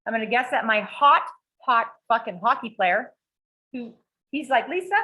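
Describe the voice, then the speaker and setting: A woman tells a long story in a loose, casual way, swears often and jumps into the voices of the people she quotes. Her pitch sits in the middle for a woman. The sound is a little dull and lo-fi, as if it came through a video call. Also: normal speed. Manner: profane, animated, acts out quoted dialogue. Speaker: podcast co-host.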